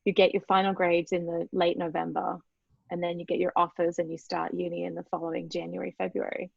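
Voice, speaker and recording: A woman's voice: lowish voice, level tone, brisk, vocal fry, slightly rough, dry recording. Chatty Australian woman on a dull, dry call. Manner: chatty, enthusiastic, frequent fillers. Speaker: interview guest. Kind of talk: casual conversation.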